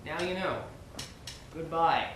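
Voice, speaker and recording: A man's voice: on the high side, slow pace, background noise. An actor in his thirties playing a frustrated, hurt gay man on stage, speaking with tense agitation. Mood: bitter. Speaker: visitor. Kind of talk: stage play acting. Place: theater stage. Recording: echoey stage, from far off, faint ambience.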